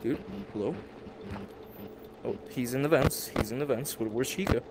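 A young man doing casual let's-play commentary, jumpy and swearing, muttering low and then yelping. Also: normal speed, heavy background noise. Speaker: gaming youtuber.

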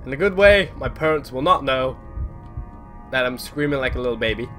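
A man's voice: mid-range voice, animated, a little fast, fairly bright tone, faint music behind. A young man playing a horror game at home in his bedroom, commenting nervously and swearing at doors and noises. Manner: jumpy, swearing, talking to the game. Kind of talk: let's play commentary. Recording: clear background game noise.

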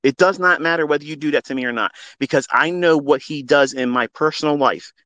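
A man's voice: on the high side, brisk, fairly bright tone, no room sound, highs cut off. Give me a passionate middle-aged man speaking bluntly into a phone, dry and close. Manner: passionate, preachy, blunt with swearing. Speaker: trading mentor hosting a live audio space. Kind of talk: unscripted heartfelt monologue.

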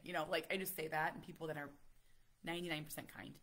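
A woman in her thirties chatting casually with live viewers, telling an animated story and saying "like" a lot. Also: deep voice, quick pace. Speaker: vlogger talking to live viewers.

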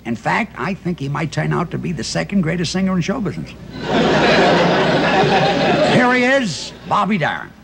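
Older guy w gravelly voice, stammery dry comic timing, hosting a variety show, loud hissy old tv sound. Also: high voice, very animated, measured pace, pauses often. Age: 60s. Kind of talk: comedy sketch and stage introductions. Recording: loud hiss, old TV broadcast audio.

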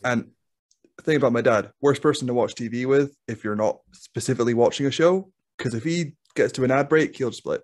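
A young adult man from Scotland, a wrestler chatting calmly and easily as a podcast guest, laughing at himself. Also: medium pitch, fast. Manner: calm, easygoing, laughs at himself. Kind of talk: casual interview chat.

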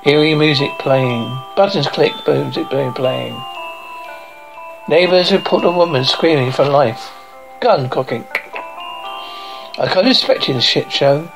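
A woman's voice: low-pitched, measured pace, gravelly, pauses often, music in the background, rough recording. A woman reading a horror show transcript aloud, sound cues included, acting out screams and gasps between the lines.

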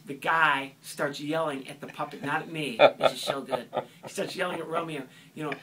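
A man's voice: a little high, normal speed, crowd noise. A man who is a touring comedian and ventriloquist, guesting on a radio show and telling playful, punchy stories on a shared studio microphone. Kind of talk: radio interview, comic storytelling.

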